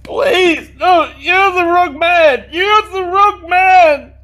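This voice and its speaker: A man's voice: very high voice, extremely slow, pushed and bright, soft background music, pitched above the performer's own voice, exaggerated voice. A man voicing a frightened, whimpering businessman who pleads for mercy. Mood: pleading.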